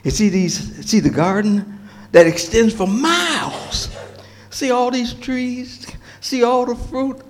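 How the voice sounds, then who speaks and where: God, as voiced by a preacher, speaks as a patient, fatherly man showing the way. The voice rides noticeably higher than his plain talk and swings widely, with words drawn out slowly as he points across the garden. He sounds instructive rather than threatening. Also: very animated, darkish tone, soft background music, heavily acted.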